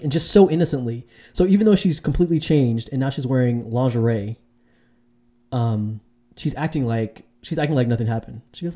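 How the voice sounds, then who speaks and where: Man, very mellow dark tone, rambling casual storyteller, lots of fillers. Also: brisk. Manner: rambling, full of fillers and restarts, mimics women in a high voice. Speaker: vlogger giving dating advice.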